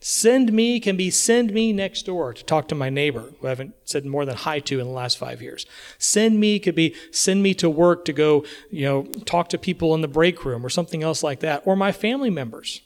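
A man's voice: fairly high pitch, animated, moderate pace. A man with an American accent preaching a sermon in a church, talking conversationally and often checking in with his listeners. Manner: conversational, checks in with frequent "okay?".

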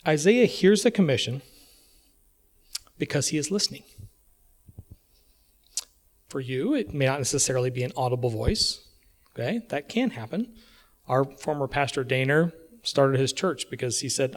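A man's voice: medium pitch, expressive, normal speed, pauses often. American man preaching with casual asides. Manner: conversational, checks in with frequent "okay?". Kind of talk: sermon. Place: church.

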